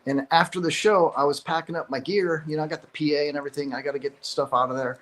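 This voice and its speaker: Chicago-raised male comic, slightly high, rambling fillers and laughter. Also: fairly even intonation, fast, a bit bright, rough recording. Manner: laughs often, many fillers. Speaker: stand-up comedian guest. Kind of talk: casual storytelling.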